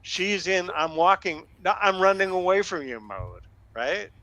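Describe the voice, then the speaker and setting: A man's voice: high voice, expressive, a little slow, pushed and bright, dry recording, low-quality recording. A man co-hosting a podcast, telling an anecdote in a blunt, profane, casual way. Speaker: podcast co-host. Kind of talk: casual storytelling. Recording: dry close sound.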